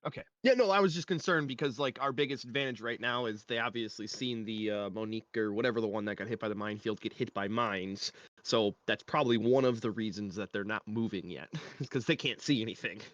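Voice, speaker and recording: A man's voice: fairly low pitch, a little fast, fairly bright tone, dry recording, highs cut off. A man playing a tabletop game, talking casually and practically. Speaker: player.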